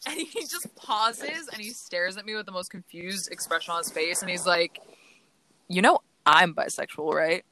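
A young woman co-hosting a casual podcast chat, telling stories in an animated way with lots of fillers. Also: medium pitch, moderate pace, hardly any pauses, background noise. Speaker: podcast co-host.

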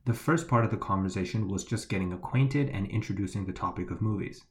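Low-voiced man explaining Chinese phrases. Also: quick pace. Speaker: co-host teaching Mandarin. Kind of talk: language lesson explanation.

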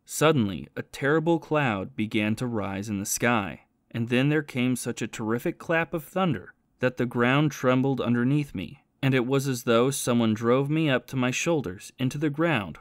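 Remorseful ex-soldier and thief confessing his past, read by a man, steady and plain, dry booth sound. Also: mid-range voice, normal speed, hardly any pauses, no echo, lightly acted. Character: remorseful former soldier and thief, haunted by guilt.

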